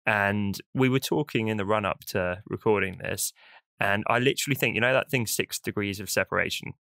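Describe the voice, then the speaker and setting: Bright-voiced British podcast host. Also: male voice, on the low side, a little fast, vocal fry, no echo, clean studio sound. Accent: British English. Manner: playful, teasing, enthusiastic. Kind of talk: upbeat podcast chat with jokes.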